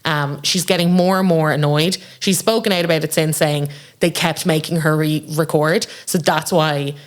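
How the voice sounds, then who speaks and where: A woman's voice: deep voice, normal speed. A woman hosting a podcast, casually and animatedly recapping a reality show. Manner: animated retelling, acts out quotes. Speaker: podcast host. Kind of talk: casual pop culture chat.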